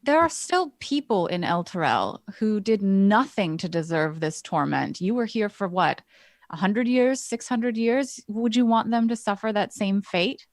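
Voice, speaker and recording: A woman's voice: medium pitch, lively intonation, unhurried, no echo, clean studio sound. A woman playing a tabletop game, speaking earnestly. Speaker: player.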